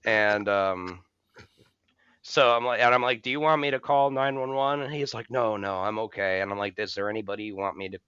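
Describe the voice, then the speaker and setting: A young man spins a rambling, profane story for his co-hosts, chuckling between lines. His voice is bright and clean, close to the mic with no room sound, though the recording is a little dull and muffled. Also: on the low side, a little fast, clean tone, dry recording. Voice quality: swears freely, laughs through the telling. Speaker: podcast co-host. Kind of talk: casual storytelling.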